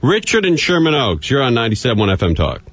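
Brisk, lively radio host. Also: male voice, mid-range voice, breathy edge, dry recording. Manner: brisk, dry, teasing callers. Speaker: radio talk show host. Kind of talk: call-in show hosting. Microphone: studio microphone.

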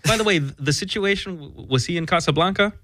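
A man's voice: high voice, no echo. A man co-hosting a talk show in a studio, joking animatedly and repeating phrases for effect. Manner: quick, animated, jokey, repeats himself. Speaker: podcast co-host. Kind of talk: casual chat.

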